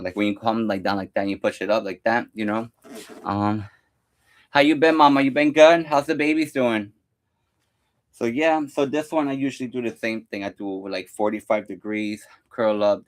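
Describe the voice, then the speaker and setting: A young man casually talking through a home workout, rambling with lots of fillers and counting his reps aloud. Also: on the low side. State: out of breath at times. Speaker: fitness vlogger.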